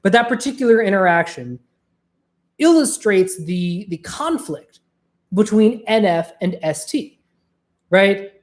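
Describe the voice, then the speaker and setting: A woman's voice: mid-range voice, expressive, measured pace. A woman hosting a podcast in a casual solo monologue, chatty and swearing freely. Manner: chatty and profane, with frequent fillers. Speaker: podcast host.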